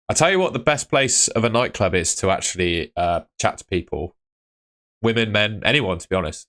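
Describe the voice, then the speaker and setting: A deep-voiced man talks loosely through a live fantasy football stream at home. He rambles, answers viewers one by one, and sounds worn out after a long day. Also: fairly bright tone. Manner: chatty, rambling, answers chat by name. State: tired, yawning. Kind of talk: casual live stream chat.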